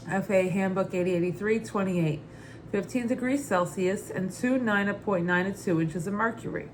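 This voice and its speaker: A woman who flies as a private pilot reads her study notes aloud in an easy, casual way. Her voice is mid-pitched and matter-of-fact, with an upbeat lift. Faint noise runs behind her. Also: moderate pace.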